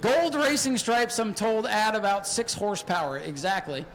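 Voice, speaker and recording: Very high-voiced shouting race announcer man. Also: normal speed, poor audio. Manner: excitable, joking, often shouting. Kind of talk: live race commentary over PA. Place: flag stand at an outdoor speedway.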